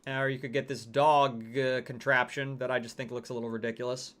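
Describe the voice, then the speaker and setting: A man's voice: mid-range voice, little pitch movement, brisk. A man hosting a game livestream, chatting casually and reading out viewer comments. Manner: chatty, reacting to game skins and chat. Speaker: livestream host.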